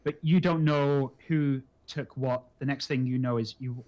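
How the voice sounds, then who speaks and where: Man game master narrating haltingly. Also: medium pitch, steady tone, darkish tone. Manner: halting, full of fillers and restarts.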